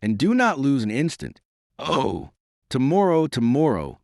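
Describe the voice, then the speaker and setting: A man's voice: medium pitch, sing-song, brisk, no echo, studio quality. A man voicing a pleading, impulsive young noblewoman in an audiobook reading. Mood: imploring. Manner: imploring, emotional.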